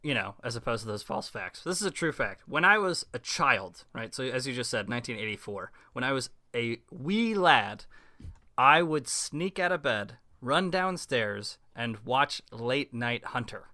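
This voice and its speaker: A man's voice: medium pitch, sing-song, moderate pace, bright, forceful tone, no room sound, studio quality. A man in his forties co-hosting a podcast in casual chat, playful and chuckling, with short interjections. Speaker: podcast co-host.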